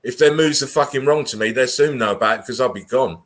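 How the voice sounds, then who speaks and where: A man's voice: medium pitch, fast, a bit bright. Rambling man on a video call. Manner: rambling, earnest, swears freely. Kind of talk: casual video call chat.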